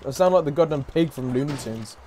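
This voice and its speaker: A man commentating a game, loud and mocking, swearing and taunting characters. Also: fairly high pitch, animated, fairly quick. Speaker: gaming YouTuber. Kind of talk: let's play commentary. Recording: game music faint behind.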